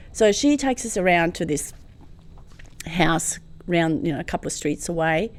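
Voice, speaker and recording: A woman's voice: fairly low pitch, moderate pace, slight background noise. A woman tells a family story as a podcast guest. She was born in Croatia and grew up speaking Croatian. She tells it with feeling, often breaking into laughter. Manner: emotional, lively storyteller who laughs often. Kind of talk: casual storytelling interview.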